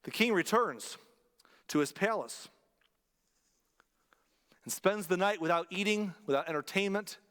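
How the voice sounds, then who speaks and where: Man, pastor, sermon, conversational and emphatic, somewhat high voice, long church reverb. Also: measured pace, pauses often, a bit bright. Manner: conversational storytelling with emphatic repetition. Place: church sanctuary.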